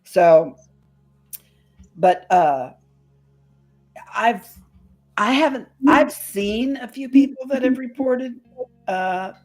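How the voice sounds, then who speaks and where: A woman's voice: on the high side, expressive, very slow, pauses often, darkish tone. A woman chatting casually on a streamed show, telling stories with some mild swearing. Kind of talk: casual chat. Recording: faint music behind.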